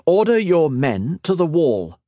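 A man's voice: mid-range voice, big pitch swings, normal speed, no room sound, pitched above the performer's own voice. A man voicing a stern, commanding young mage lord who gives clipped orders in a raised voice.

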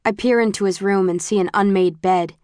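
A woman narrating a first-person story as an audiobook reader, in a measured, even storytelling manner. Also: medium pitch, smooth, dry recording, clean studio sound.

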